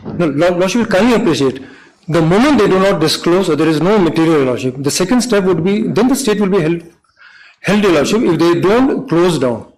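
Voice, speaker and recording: A man, a government lawyer making halting, deferential submissions in court. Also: sits high, expressive, darkish tone, low-quality recording. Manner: deferential, halting, repeats "Lordship". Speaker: government counsel.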